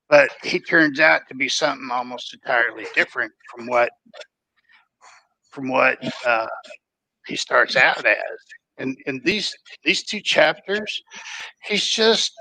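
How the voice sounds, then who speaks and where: Gravelly bright-voiced man chatting casually. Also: medium pitch, poor audio. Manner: loose, rambling, folksy, with frequent restarts. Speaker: podcast co-host. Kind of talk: casual book discussion.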